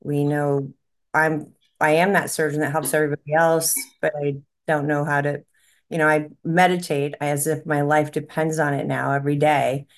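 Woman, deep voice, medium, podcast co-host, rambling, emotional, laughing. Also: little pitch movement, moderate pace. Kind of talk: casual podcast conversation.

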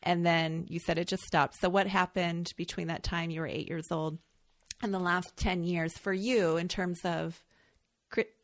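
Low-voiced woman interviewing calmly. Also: measured pace. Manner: attentive, clarifies and sums up for listeners. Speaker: podcast host. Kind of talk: interviewing, casual chat.

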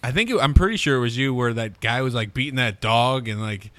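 A man's voice: mid-range voice, lively intonation, brisk, fairly bright tone, no echo. A man co-hosting a casual podcast, joking and teasing his friends. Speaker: podcast co-host. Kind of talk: casual chat.

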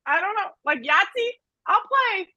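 A woman co-hosting a podcast in casual chat, animated and exclamatory. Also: very high voice, moderate pace, no room sound, muffled recording. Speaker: podcast co-host.

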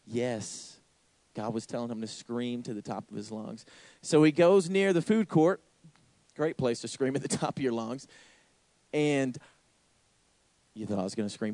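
Young male preacher, storytelling sermon delivery, dry close sound, mid-pitched. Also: measured pace, long pauses, dry recording. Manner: lively storyteller, sudden high exclamations. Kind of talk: sermon with anecdote.

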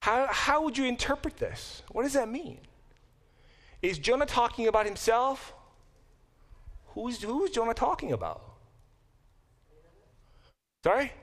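A middle-aged man teaching a Bible class to students, thinking aloud with quick restarts and questions to the room. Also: very high voice, sing-song, a bit bright. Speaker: Bible professor. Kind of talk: classroom lecture.

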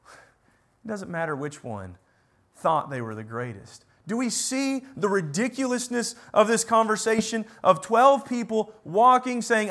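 A man delivering a sermon in a fairly high voice. He talks in an animated way, rising to loud, emphatic lines and then dropping to quiet ones. Now and then he slips in a sarcastic aside. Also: normal speed. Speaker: preacher.

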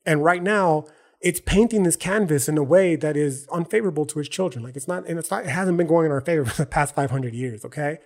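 A man's voice: on the high side, fast. Slangy, profane podcast man. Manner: frequent "right?" and "okay?" tags. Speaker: podcast host. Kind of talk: casual solo podcast monologue.

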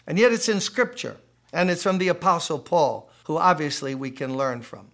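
A pastor preaching a podcast sermon to church leaders, emphatic and conversational, repeating key phrases and asking rhetorical questions. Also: male voice, fairly high pitch, normal speed, vocal fry, fairly bright tone.

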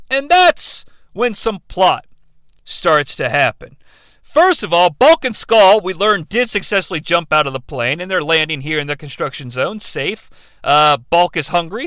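High-voiced sarcastic man reviewing movies. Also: sing-song, moderate pace, a bit bright, clear, resonant tone, no echo. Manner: sarcastic, profane and mocking. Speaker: host.

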